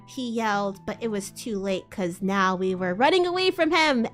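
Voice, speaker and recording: A woman's voice: medium pitch, expressive, normal speed, hardly any pauses, faint music behind. A young woman streamer giving a dramatic, mocking live reading, with the odd stumble over words.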